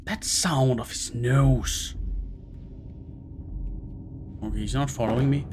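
A man's voice: mid-range voice, fairly even intonation, slow, long pauses, a little mellow, a little hiss or hum. A man with a Scandinavian accent, a gaming host muttering, groaning and swearing through a horror let's play. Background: game music.

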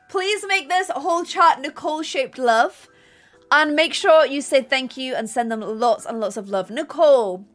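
A woman live-streaming a game, chatting and gushing thanks to her chat. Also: high-pitched. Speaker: gaming streamer.

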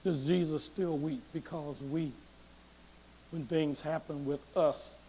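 A man preaching a sermon as pastor, reading scripture aloud and swinging between quiet reflection and loud emphasis. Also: fairly high pitch, steady tone, takes it slowly, slight background noise.

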